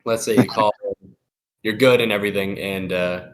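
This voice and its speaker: A man's voice: lowish voice, steady tone, moderate pace. A young man giving loose, profane sales advice on a live call, acting out phone calls. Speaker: sales expert guest.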